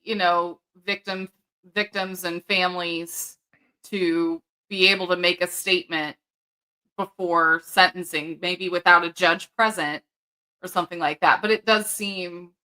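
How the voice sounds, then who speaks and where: A woman's voice: lowish voice, steady tone, measured pace, bright, forceful tone, clear, resonant tone. A woman hosting a casual commentary show who voices ready agreement. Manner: agreeable, frequent affirmations. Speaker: show host.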